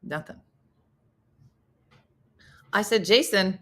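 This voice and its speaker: A woman's voice: fairly low pitch, animated, a little slow, a bit bright. A middle-aged woman hosting a casual comedy morning show, telling stories and acting out quotes in a sing-song voice. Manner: chatty storyteller who acts out quotes in sing-song voices.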